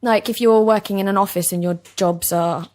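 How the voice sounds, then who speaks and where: A young woman with a soft East London accent, an actor chatting in an interview, laughing easily and self-deprecating. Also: medium pitch, fairly even intonation, moderate pace. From East London, England. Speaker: actor guest. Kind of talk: casual interview chat. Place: basement recording studio.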